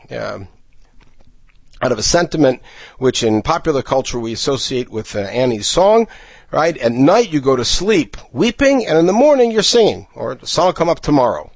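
A man teaching a lesson on a psalm, reading Hebrew verses and then translating and explaining them in a measured way. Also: on the high side, dry recording. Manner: measured, slowing for emphasis on key phrases. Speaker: Bible teacher. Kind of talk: lecture on a psalm.

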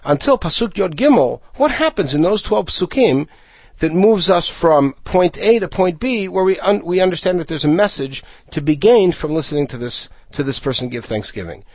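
Lively-voiced man teaching a psalm. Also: high-pitched, dry recording. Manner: reads Hebrew verses then translates and explains them; measured, slowing for emphasis on key phrases. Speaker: Bible teacher. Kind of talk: lecture on a psalm.

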